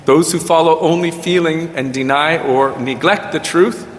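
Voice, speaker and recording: A man's voice: on the high side, moderate pace. A man teaching a group at a devotional gathering, telling stories and quoting his guru with emphatic rises. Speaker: spiritual teacher. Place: Vrindavan. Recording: livestream with long hall reverb.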